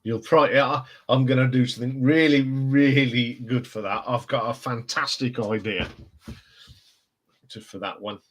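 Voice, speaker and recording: A man's voice: mid-range voice, steady tone, measured pace. A man with a Northampton accent, hosting a casual live stream chat and rambling with frequent laughs. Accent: Northampton English. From England. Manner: chatty, rambling, laughs often.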